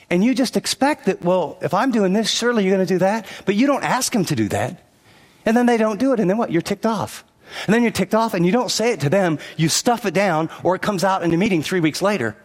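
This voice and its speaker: A middle-aged pastor delivers a sermon, his somewhat high voice ringing through a long hall reverb. He moves from relaxed storytelling into insistent, repeated lines that drive each point home. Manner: storytelling, rising to emphatic preaching with quoted asides.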